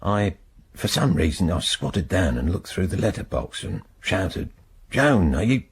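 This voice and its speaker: In a radio drama, an actor plays an older British man released after many years in prison, telling his story haltingly and bitterly. His low, husky, gravelly voice is a full character voice with a haunted mood.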